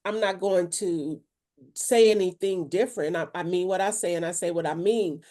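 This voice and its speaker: On a relaxed faith podcast, a female co-host who preaches talks at a moderate pace in a mellow, lowish voice. Her manner is firm and assertive, carrying real authority.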